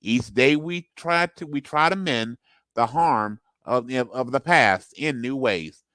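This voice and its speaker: A man's voice: medium pitch, a little slow, fairly bright tone, no room sound, close to an everyday voice. A man voicing a patriotic male announcer who recites a comic rhyming ad in a sing-song, declaiming way. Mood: proud, rousing.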